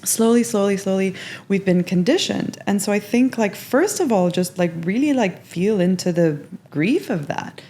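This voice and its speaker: A woman's voice: medium pitch, lively intonation, normal speed, warm tone. A woman speaking as a guest in a casual interview. She talks earnestly and reflectively, with many "like" fillers. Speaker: podcast guest.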